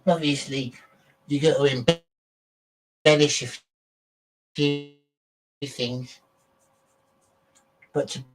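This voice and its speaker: A man's voice: on the high side, steady tone, slow pace, pauses often. A man hosting a casual livestream, talking bluntly and swearing freely while he chats with viewers. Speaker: show host. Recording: distant, choppy internet audio.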